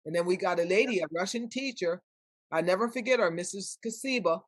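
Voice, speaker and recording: An older woman appears as a podcast guest, telling stories in conversation and animatedly acting out the people she quotes. Her voice is medium-pitched and a little fast, recorded dry.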